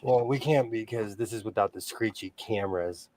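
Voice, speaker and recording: A man's voice: fairly low pitch, normal speed, noisy background. A man hosting a casual sewing livestream, playful and exclamatory, laughing often as he tries on and shows off clothes.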